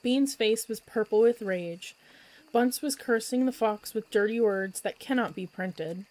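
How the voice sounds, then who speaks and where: Expressive woman reading a bedtime story. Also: fairly high pitch, unhurried, low-quality recording. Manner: expressive, lively narration.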